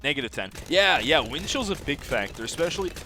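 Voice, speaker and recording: A man's voice: fairly high pitch, very animated, a little fast. A young Canadian man streaming a game from home, rambling and chatting casually with his viewers and laughing often, with game music behind him. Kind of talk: casual gaming commentary to chat.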